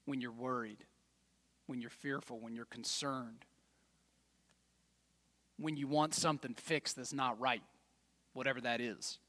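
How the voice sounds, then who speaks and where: A man preaching a sermon as pastor, folksy and direct, dropping to quiet asides and then rising to loud fired-up exhortation. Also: medium pitch, steady tone, a little slow, long pauses, big-room sound. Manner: folksy, addresses congregation as y'all and man.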